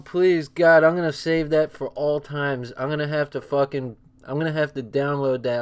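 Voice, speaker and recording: An older man hosting a late-night livestream, laughing hard and swearing a lot as he reacts to a show. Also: medium pitch. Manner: laughing, profane, excitable. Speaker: livestream host.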